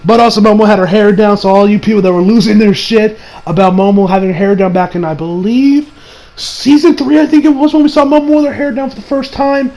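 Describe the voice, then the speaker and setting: A young man with a high, light voice recaps an anime episode in loose, rambling chat. He gets excitable, swears freely and fills his talk with "you know". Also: a little fast, low-quality recording. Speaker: anime reviewer.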